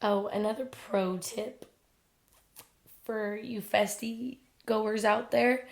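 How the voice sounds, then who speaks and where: A woman's voice: medium pitch, takes it slowly, vocal fry. Young woman telling stories. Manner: animated storytelling, acts out quotes loudly, swears freely. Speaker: podcast co-host. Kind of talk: casual chat.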